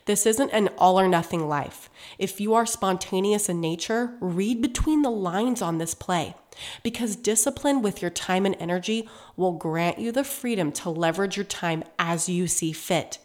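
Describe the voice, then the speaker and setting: A woman's voice: mid-range voice, moderate pace, darkish tone. Nasal, congested woman podcast host. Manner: direct, encouraging, coaching tone to listeners. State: congested from a cold. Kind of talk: motivational podcast monologue.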